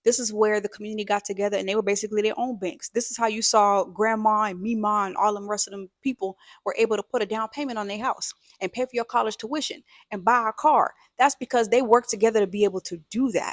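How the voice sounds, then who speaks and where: A woman's voice: mid-range voice, fairly even intonation, fast talker, hardly any pauses, fairly bright tone, dry recording, studio quality. A woman who is a mother, hosting a casual vlog, talking in an emphatic, conversational, slangy way. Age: adult, a mother. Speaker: video host.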